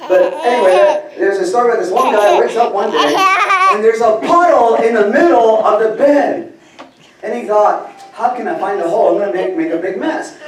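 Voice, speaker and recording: A middle-aged man preaching a sermon in a storytelling way, chuckling often and swinging between loud and hushed. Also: sits high. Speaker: pastor. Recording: distant echoey hall from far off.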